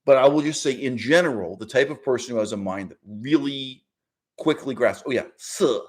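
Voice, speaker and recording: A man hosting his own channel, delivering an opinionated monologue with emphatic stresses, frequent restarts and short laughs. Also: fairly quick. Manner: argumentative, emphatic, with sudden pitch jumps and mock quotes; restarts and fillers, laughs while speaking. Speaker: channel host.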